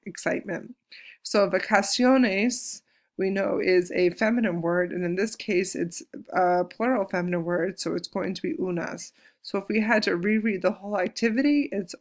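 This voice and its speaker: Casting note: woman, Spanish teacher, gravelly edge, patient and clear, slows down to model words. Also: mid-range voice. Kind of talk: recorded classroom lesson.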